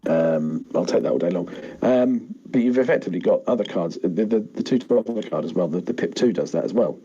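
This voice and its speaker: British guest, dark mellow voice, dry self-mocking humor, casual. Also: male voice, low-pitched, animated, a little fast, breathy edge, highs cut off. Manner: wry, self-deprecating, chatty. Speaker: guest player. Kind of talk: casual chat.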